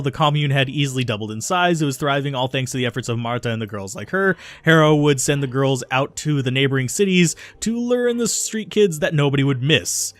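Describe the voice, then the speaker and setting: A man's voice: mid-range voice, no room sound, lightly acted. Man reading as a remorseful former cultist woman. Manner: steady confessional reading with small slips. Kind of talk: reading game dialogue aloud.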